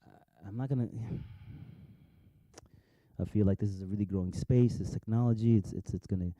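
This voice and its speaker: A man's voice: lowish voice, moderate pace, mellow, no room sound, dull audio. A man commenting casually on video clips, rambling, swearing, and repeating words as he goes. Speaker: vlogger.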